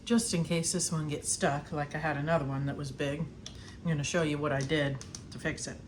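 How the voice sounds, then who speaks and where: In her home kitchen, a middle-aged homestead vlogger casually walks through a cooking task, chatting, laughing often, and snacking as she talks. Her voice sits low with fairly even intonation and a moderate pace, and a little hiss or hum is audible.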